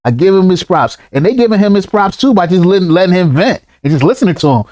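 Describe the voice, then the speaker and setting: A man with a high voice riffs on clips in casual reaction commentary. He is animated and slangy, calls his viewers y'all, and keeps breaking into laughter. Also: fast talker. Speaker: crypto commentator.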